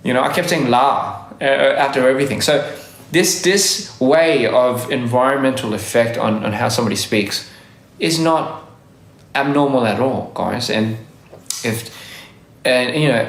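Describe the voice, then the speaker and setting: A man's voice: mid-range voice, moderate pace, echoey room. A man with a faded Australian accent mixed with American, chatting casually on a live stream, rambling and correcting himself with frequent laughs. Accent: Australian, blended with American.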